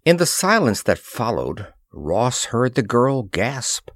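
A man narrates a story at an unhurried pace. His voice sits low and moves through a wide pitch range, recorded dry and close. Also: very animated, fairly bright tone, dry recording. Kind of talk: reading a pulp science-fiction story aloud.

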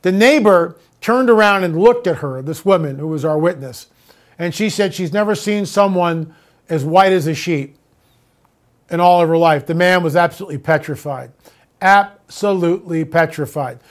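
High-pitched emphatic man. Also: moderate pace. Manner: emphatic, mocking, drops to a hush for tense moments. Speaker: show host. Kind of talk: opinionated monologue and storytelling.

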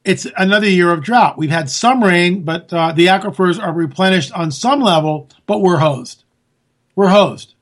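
A man delivering a sarcastic, animated political monologue, talking straight to his listeners as folks. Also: high voice, moderate pace.

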